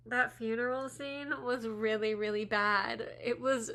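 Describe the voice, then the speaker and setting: A woman's voice: a little high, fairly even intonation, unhurried, hardly any pauses, sharp tone. A young adult woman giving casual blind reaction commentary on her channel, tired after a day at work, chatty and laughing often. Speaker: YouTube reaction vlogger.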